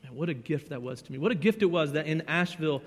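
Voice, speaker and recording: A man, preaching a sermon as a youth pastor, earnest and emotional, swinging between loud and hushed. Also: fairly high pitch, animated, fast. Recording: church hall with long reverb.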